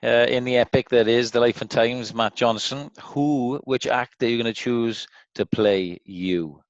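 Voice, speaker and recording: Male co-host, brisk quick-fire questions, dry dull sound. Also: mid-range voice, dry recording. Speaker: podcast co-host.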